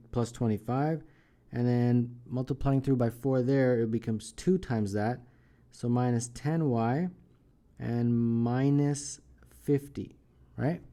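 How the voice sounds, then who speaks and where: A man's voice: medium pitch, warm tone. A man teaching a math contest solution step by step, thinking aloud and often checking in with "right?". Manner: thinks aloud while working problems, often adds "right?". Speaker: math tutor. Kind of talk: screencast math tutorial.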